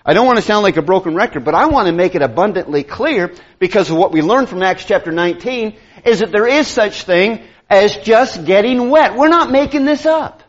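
Male preacher, middle-aged, high lively voice, sermon, acts out conversations, muffled lo-fi sound. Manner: animated, acts out dialogue with quick asides.

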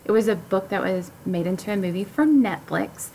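Woman, casual co-host, upbeat, explains plots plainly; mid pitch, faint hiss. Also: moderate pace, vocal fry, warm tone, rough recording. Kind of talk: casual chat among friends.

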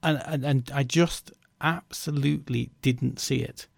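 A man speaking in a reflective conversation, often halting and repeating words as he thinks aloud. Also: medium pitch, fairly even intonation, creaky, darkish tone, no echo, studio quality.

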